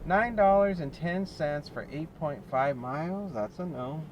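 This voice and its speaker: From behind the wheel, a fairly high-voiced American man vlogs his delivery shift, offering casual running commentary at a measured pace while a little winded and short of breath. His talk is loose, self-mocking and broken up by laughs. A dash cam or phone mic in the car picks up lo-fi sound, with steady car and road noise from city streets underneath.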